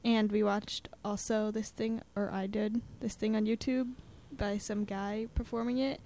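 A woman's voice: mid-range voice, flat delivery, unhurried, dark tone, a little hiss or hum. A young woman chatting casually as a student guest, with lots of fillers, acting out little quotes as she talks. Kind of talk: casual chat about poetry.

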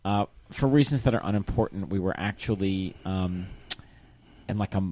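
A man's voice: low voice, normal speed, dark tone, slight background noise. A man chatting casually, telling a story with hesitant, rambling phrasing. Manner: hesitant, rambling, many fillers. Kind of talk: casual chat.

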